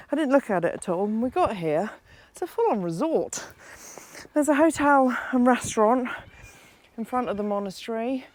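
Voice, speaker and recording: A woman records a travel vlog outdoors on a handheld camera. Her voice sits slightly high, and she rambles in a chatty way with easy laughs, a little out of breath. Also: expressive, normal speed, darkish tone, dry recording. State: out of breath after a climb. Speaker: travel vlogger. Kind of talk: casual travel vlog chat. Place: outdoors at a lakeside monastery.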